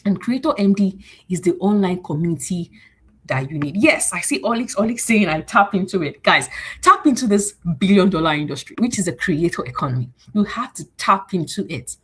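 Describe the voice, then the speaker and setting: A woman's voice: brisk, breathy edge. A woman hosting a motivational livestream, rallying her audience with repeated phrases and acting out short exchanges. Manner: animated, repetitive and rallying, acting out exchanges in higher voices. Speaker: host.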